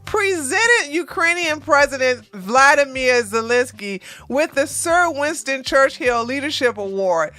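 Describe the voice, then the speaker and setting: Sarcastic high-voiced woman commentator. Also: expressive, unhurried, few pauses, pushed and bright. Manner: sarcastic, mocking asides between read-out passages; breaks into laughter while reading. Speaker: news commentary host. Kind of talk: reading news items aloud with running commentary.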